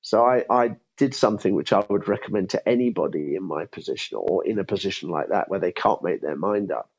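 A man in his fifties who once ran a law firm thinks out loud during an interview, frequently restarting his sentences. His voice is low, husky, animated and brisk, and the audio is lo-fi.

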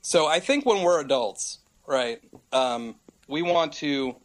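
A man's voice: on the high side, slow pace. Laughing American man rambling a theory. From United States. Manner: rambling, animated, laughs often. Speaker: regular correspondent. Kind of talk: casual comic chat.

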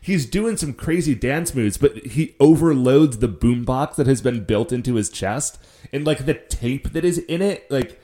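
A man co-hosting a laid-back conversation, his mid-pitched voice rising and falling freely. He explains things loosely, leaning on "like" and restarting as he goes. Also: normal speed. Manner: relaxed, explains things with lots of fillers. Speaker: podcast co-host. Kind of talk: casual chat recapping a show.

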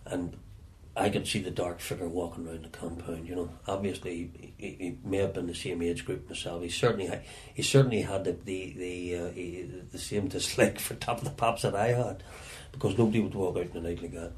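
A Northern Irish man telling stories from his past in an interview, often halting and repeating words as he searches for them. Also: deep voice, fairly even intonation, a little mellow, slight background noise. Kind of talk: reflective storytelling.

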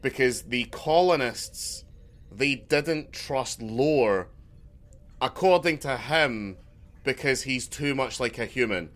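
Podcast co-host, male, bright tone, chatty and digressive, curses casually. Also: mid-range voice, expressive, takes it slowly. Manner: rambling, loses his thread, swears. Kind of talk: casual chat.

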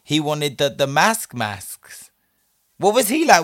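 A host with a fairly high, sing-song voice comments slowly on a listener's story. He's chatty and sassy, leans heavily on "like," and laughs often. The recording is studio quality with no echo.

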